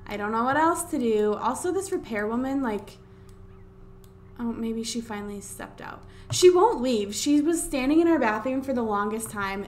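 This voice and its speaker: A woman's voice: fairly high pitch, a little hiss or hum. A woman giving casual gameplay commentary at home, exasperated, talking to the game characters and drawing out her wows. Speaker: let's play host. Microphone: desk USB microphone.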